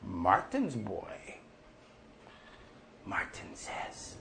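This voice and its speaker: A man playing a gravelly old farmer. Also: fairly low pitch, huge pitch swings, very slow, fairly bright tone, exaggerated voice. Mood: rambling. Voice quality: gravelly, folksy and profane. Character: older male prairie farmer off the drink, gruff storyteller. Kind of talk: monologue.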